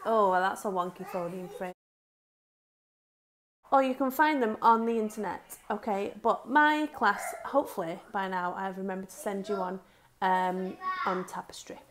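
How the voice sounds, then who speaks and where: A young woman, a reception teacher leading a phonics lesson in a lively, sing-song way, sounding words out slowly. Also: mid-range voice, slight background noise.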